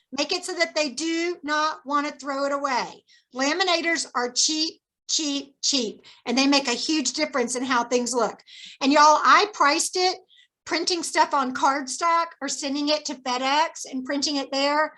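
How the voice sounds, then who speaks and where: A woman's voice: high voice, normal speed, sharp tone. A woman giving an upbeat, emphatic sales training pep talk. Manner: upbeat, coaching, emphatic repetition.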